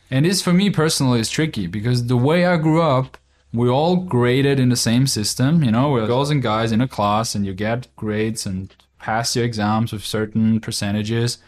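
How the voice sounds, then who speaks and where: A man's voice: medium pitch, a little mellow. A young man with an Austrian accent, hosting a podcast as a casual monologue, blunt and informal and swearing freely. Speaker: podcast host.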